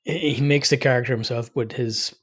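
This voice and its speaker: A man's voice: mid-range voice, fairly even intonation, normal speed, fairly bright tone, husky. A man co-hosting a casual movie podcast, enthusiastic and chuckly as he retells scenes. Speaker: podcast co-host.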